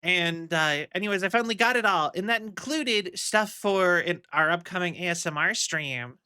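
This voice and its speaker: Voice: mid-range voice, moderate pace, bright, forceful tone, clear, resonant tone. A live streamer in casual, rambling chat with viewers, restarting sentences and saying "y'all". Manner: rambling, chatty, restarts a lot; uses "y'all".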